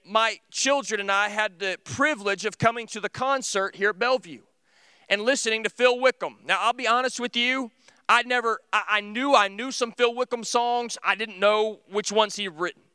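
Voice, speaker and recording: A man's voice: high voice, bright, forceful tone, clear, resonant tone, dry recording. A middle-aged man preaching a sermon in an earnest, conversational, storytelling way. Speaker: teacher.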